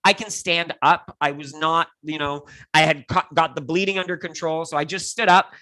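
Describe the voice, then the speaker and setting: A man co-hosting a casual chat, telling a story in an animated way and acting out what people said. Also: normal speed, no room sound, poor audio. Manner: animated storyteller, acts out quotes with big pitch jumps. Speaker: co-host.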